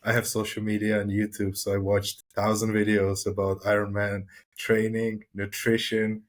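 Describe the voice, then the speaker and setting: Man, lowish voice, matter-of-fact podcast guest with plenty of fillers. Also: monotone, moderate pace. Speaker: podcast guest, new triathlete. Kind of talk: casual podcast chat.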